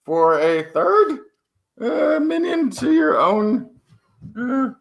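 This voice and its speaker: A man's voice: very high-pitched, very slow, creaky. A man co-hosting a science podcast, joking and chatty, with many fillers. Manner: animated, jokey, many fillers. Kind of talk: casual science podcast talk.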